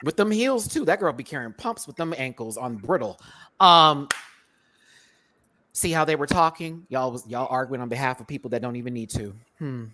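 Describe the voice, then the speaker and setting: Brief: woman host, deep low register, sassy, talks in acted-out quotes. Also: normal speed. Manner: animated, sassy, acts out quotes. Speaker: show host. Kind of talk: casual panel chat.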